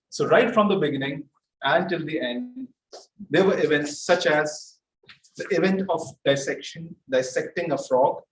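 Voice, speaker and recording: A man's voice: a little high, reverberant. Man w/ pakistani english accent doing a jokey speech evaluation, far from the mic, faint noise. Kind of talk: giving spoken feedback at a club meeting.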